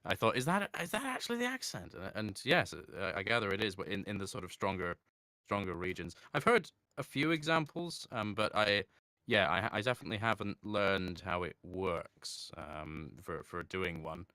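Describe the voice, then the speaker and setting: A man's voice: sits low, sharp tone, clear, resonant tone, dry recording, studio quality. A man being interviewed in casual chat, talking thoughtfully with many restarts and light laughs. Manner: halting, thoughtful, with frequent restarts. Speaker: interview guest.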